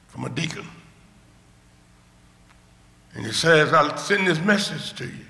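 An older man preaching a sermon testimony, swinging from emphatic shouts to low murmurs, recorded in a church. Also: expressive, measured pace, creaky. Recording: echoey hall with long reverb.

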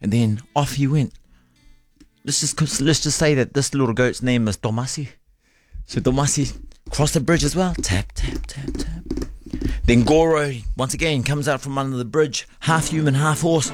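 A man co-hosting a casual chat, telling a story in an animated way, laughing often. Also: medium pitch, normal speed, soft background music.

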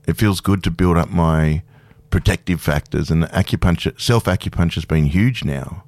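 A man's voice: low-pitched, moderate pace, darkish tone, no room sound. A man in his fifties, a guest speaking candidly and self-deprecatingly in a casual radio interview, laughing easily. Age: 50s. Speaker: guest performer.

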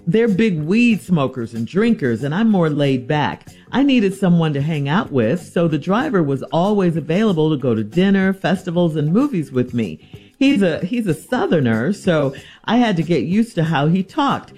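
A woman's voice: deep voice, sing-song, normal speed, a little mellow, husky, faint music behind. A woman hosting an advice show, reading out a listener's letter and answering it in a teasing, incredulous way.

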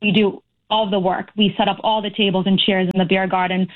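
A woman's voice: medium pitch, level tone, a little fast. A woman calling in to a talk radio show, speaking earnestly and with a sense of grievance. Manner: earnest, aggrieved, talks in long runs. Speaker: caller. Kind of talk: phone-in talk radio call. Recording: tinny phone line.

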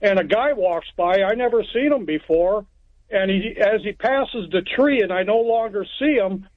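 Phoning in to a radio program, a Texas man with a high-pitched voice spins a rambling, plainspoken story at a normal pace, frequently starting over. The line sounds tinny, and there is no room sound.

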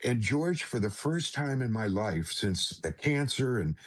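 A man, a guest on an interview show, telling a personal faith story earnestly, with halting restarts and repeated direct address to the host. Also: mid-range voice, big pitch swings. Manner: halting restarts at emotional moments.

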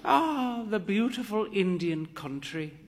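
A proud, frail old woman, voiced by a man reading aloud lifts into a high, airy register that sweeps up and down. She sounds grand and theatrical. The delivery stays slow and drawn out. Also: wildly swooping pitch, a bit bright, big-room sound, heavily acted.

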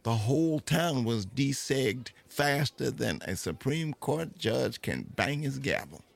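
A man voicing a proud, sharp-tongued woman jazz singer, sassy and commanding. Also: mid-range voice, lively intonation, slow pace, creaky, pitched above the performer's own voice, heavily acted.

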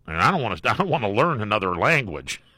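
A middle-aged male radio host with a bright, forward voice and lively swings in pitch. He talks wryly and casually, scattering fillers as he jokes. The sound is close and dry, straight into a studio mic. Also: fast, no echo. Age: middle-aged or older. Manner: wry, joking, with frequent fillers. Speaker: radio talk show host. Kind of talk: call-in talk radio. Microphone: studio microphone.

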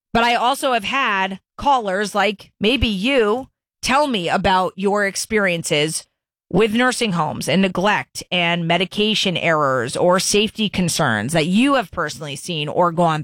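A woman's voice: on the low side, dry recording, studio quality. A woman hosting a talk radio show, delivering an emphatic opinion monologue and repeating herself for stress.

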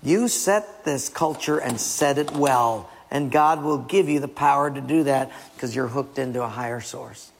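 A man preaching a sermon in an urgent, emphatic way, dropping to hushed asides and rising to loud exhortation. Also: medium pitch, unhurried, creaky, few pauses, a little hiss or hum. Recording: long reverb from a large hall.

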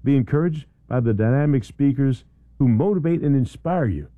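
At medium pitch and a moderate pace, a radio host chats and reads event announcements in his studio, full of "you know"s and restarts, with occasional excited shouting. The sound is phone quality, no echo.

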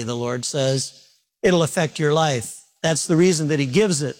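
A man preaching a sermon in a folksy, animated way, asking his congregation questions and often repeating words as he restarts. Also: on the high side, normal speed.

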